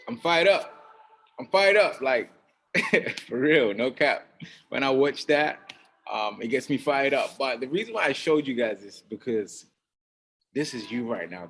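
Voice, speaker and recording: A man's voice: medium pitch, fairly bright tone. A man giving an emphatic motivational talk as a business mentor, often checking in with "right?". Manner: emphatic, keeps adding "right?".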